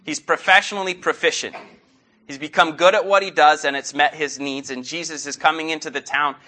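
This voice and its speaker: Guy preaching in church, kinda high bright voice, earnest storyteller asking "right?" a lot. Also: fairly even intonation, brisk. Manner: earnest storytelling with rhetorical questions. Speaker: guest preacher. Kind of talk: sermon.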